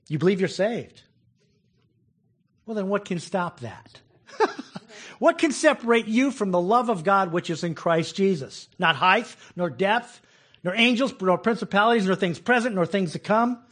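A man's voice: high voice, very animated, a little slow, long pauses, fairly bright tone, breathy edge. A man preaching a conversational sermon, chuckling often and acting out people's complaints. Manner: conversational, laughs often, acts out quoted complaints.

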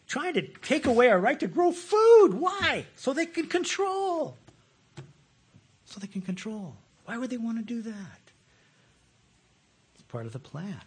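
Man, preacher, folksy sermon, high husky voice. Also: a little slow, pauses often. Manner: folksy, animated, laughs often, repeats words.

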